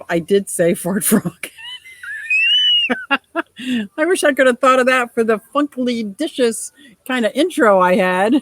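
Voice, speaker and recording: A middle-aged woman chats casually on her livestream, answering viewers and laughing easily. Her voice sits high for her, and the sound is dry and close. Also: fairly bright tone, dry recording, poor audio. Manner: chatty, reads out viewer comments and laughs often. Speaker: livestream host.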